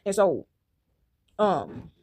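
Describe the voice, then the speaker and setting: A woman's voice: big pitch swings, very slow, darkish tone. A woman speaking, rambling and ending nearly every phrase with a tag question. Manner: acts out quoted people in higher voices, sings snippets. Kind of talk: casual motivational monologue.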